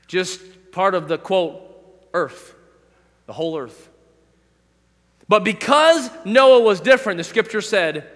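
A middle-aged man preaching from the pulpit with a high, bright, forceful voice. He shifts from relaxed, chatty asides to emphatic, impassioned calls to his congregation. The sound rings through a reverberant church sanctuary. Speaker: pastor. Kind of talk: sermon. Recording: echoey church hall.

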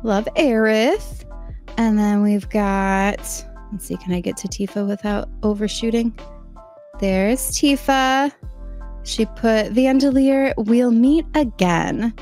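Woman, bubbly vlogger, gushing, brightish pitch, faint music behind. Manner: bubbly, gushing, quick pitch jumps when excited. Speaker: streamer and vlogger. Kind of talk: excited casual storytelling.

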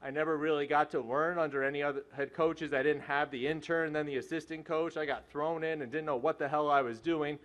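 Homme qui plaisante, discours décontracté. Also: male voice, on the high side, fairly even intonation, fairly quick, few pauses, fairly bright tone, highs cut off. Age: 40s. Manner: joking, self-deprecating, rambling. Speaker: head track and field coach. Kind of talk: hall of fame acceptance speech.

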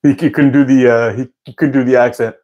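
A man's voice: medium pitch, fairly even intonation, a little fast, darkish tone. A man hosting a live stream, chatting casually with viewers in a rambling way and laughing often. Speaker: live-stream host answering chat.

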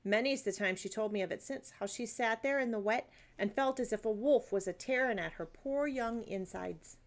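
A woman's voice: fairly high pitch, moderate pace, lightly acted. Storybook baker woman, kindly and talkative, rustic speech, put on by a woman reader. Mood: warm. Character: kindly working-class female baker, middle-aged, chatty.

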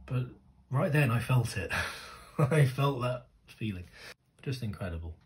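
A man reacting to music videos in casual commentary, excitable, swearing often and talking straight to the screen. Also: medium pitch, a little slow.

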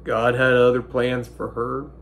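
A young man in his twenties, speaking in halting, broken sentences while holding back tears, his nose stuffy. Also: medium pitch, flat delivery, a little hiss or hum. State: stuffy-nosed. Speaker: vlogger. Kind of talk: emotional personal monologue.

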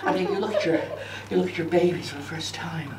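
A man, performing an expressive storytelling monologue on stage. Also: fairly high pitch, fast, noisy background. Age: 70s. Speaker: solo performer. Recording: distant echoey stage with music.

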